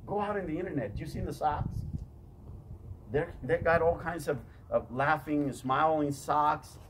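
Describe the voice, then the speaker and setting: A motivational speaker gives a faith-based talk in a fairly high male voice, emphatic and repetitive, putting questions to his audience. He's recorded from a distance by a mic in a noisy room.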